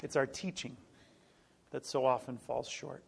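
A man's voice: medium pitch, steady tone, a little slow, creaky, slightly rough. A middle-aged man preaching a sermon as pastor, earnest and emphatic, repeating key phrases and breaking into small laughs. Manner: frequent small laughs and restarts.

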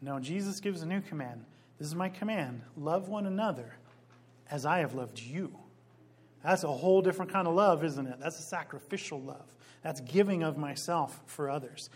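A man preaching a sermon as a pastor, emphatic, slowing down on key phrases and rising loud when he quotes scripture. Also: fairly high pitch, lively intonation, slightly rough.

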